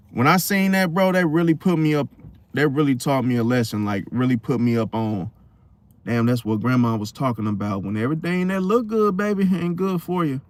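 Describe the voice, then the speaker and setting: A young man, casually telling a personal story in slangy, animated talk. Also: fairly high pitch, no echo. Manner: slangy, animated retelling, acts out quotes.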